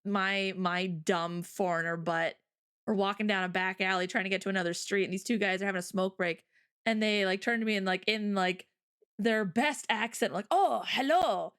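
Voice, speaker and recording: A woman's voice: medium pitch, flat delivery, normal speed, fairly bright tone, clean tone. A woman hosting a casual chat, telling stories in a bubbly, giggly way. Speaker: host.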